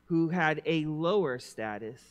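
A male preacher with a high, bright-sounding voice delivers a sermon in a loose, conversational way. He grows animated on his points and goes soft and low when he reads scripture. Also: a little slow. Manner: animated, drops to a hushed tone for scripture; casual preacher asides. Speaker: pastor.

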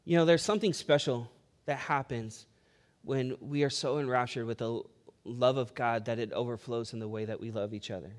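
A man's voice: mid-range voice, moderate pace. A man preaching a sermon as pastor, conversational and storytelling, building emphasis as he speaks.

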